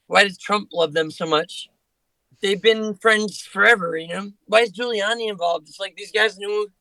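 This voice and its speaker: A man with a high, bright voice chats as a guest musician on a podcast. He rambles loosely, restarting his sentences often. The recording is dry and close. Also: no room sound, low-quality recording. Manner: rambling, with many fillers and restarts. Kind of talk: casual podcast conversation.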